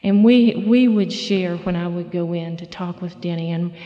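A middle-aged woman telling her recovery story at a meeting, folksy and halting, full of fillers and restarts. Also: lowish voice, in a large hall, muffled recording. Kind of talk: personal testimony talk.

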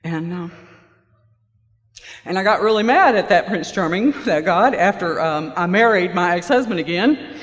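Halting woman in a reverberant hall. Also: medium pitch, lively intonation. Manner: halting, pausing often with fillers. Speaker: recovery meeting speaker. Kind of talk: personal testimony.

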